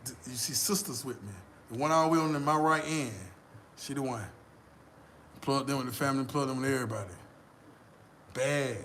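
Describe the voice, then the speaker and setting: An American man vlogging, telling a boastful, profane story in a casual, animated way. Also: medium pitch, slight background noise.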